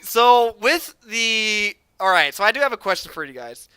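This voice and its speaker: A man's voice: high-pitched, very animated, normal speed, sharp tone, clean tone, dry recording. A man hosting an esports stream, chatting with players and reading out viewer questions. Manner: upbeat, chatty, reads chat questions aloud. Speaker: esports caster interviewing players. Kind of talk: casual stream chat.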